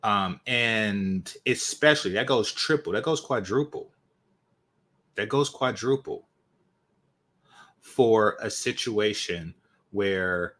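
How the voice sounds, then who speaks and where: Low bright man giving blunt commentary. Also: slow, long pauses. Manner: opinionated, lecturing, emphatic repetitions. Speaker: reaction channel host. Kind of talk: commentary on a video.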